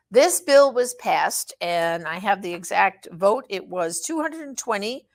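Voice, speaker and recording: Emphatic woman with a gravelly voice. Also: mid-range voice. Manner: emphatic, exhorting listeners; animated, rhetorical questions. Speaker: host of a pro-life advocacy show. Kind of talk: direct address advocacy talk.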